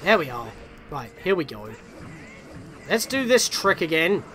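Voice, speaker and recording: Gaming guy doing let's play commentary, bright voice, bouncy, laughs at his own mistakes. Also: a little high, very animated, a little slow, faint music behind. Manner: chatty, self-deprecating, easily surprised. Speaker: gaming channel host.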